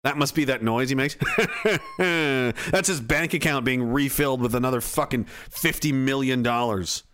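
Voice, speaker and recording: A man hosting a live stream, giving loud, profane, mocking commentary. He often shouts and laughs. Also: medium pitch, normal speed.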